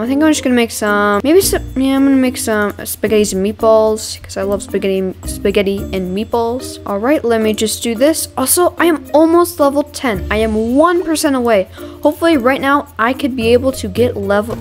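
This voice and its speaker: An excitable young woman talks through her gameplay in a casual, chatty way, gasping at new things and restarting her sentences. Her voice sits a little high, with soft music playing underneath. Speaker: gaming channel host.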